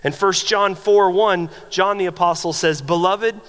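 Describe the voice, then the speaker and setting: Guy preaching a sermon, high voice, keeps restarting words, big reverby church. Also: steady tone, measured pace, fairly bright tone. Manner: emphatic teaching, repeats words while restarting. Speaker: pastor.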